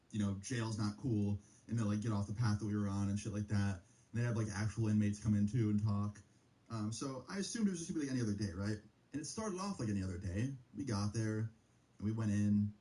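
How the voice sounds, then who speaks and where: A man's voice: on the low side, mellow, rough recording. A young man streaming, casually rambling through a personal story with plenty of swearing and filler words. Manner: rambling, profane, heavy use of filler like.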